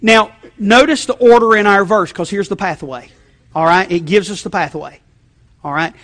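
A male pastor delivers a sermon in a chatty, conversational manner, often checking in with his listeners. His voice sits high for a man, and he swings from loud emphasis to low, quiet asides, with frequent restarts. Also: moderate pace.

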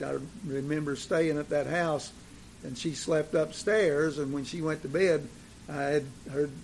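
A man preaching a sermon, swinging between emphatic declarations and relaxed, folksy storytelling with plenty of fillers. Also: a little high, creaky, a little hiss or hum.

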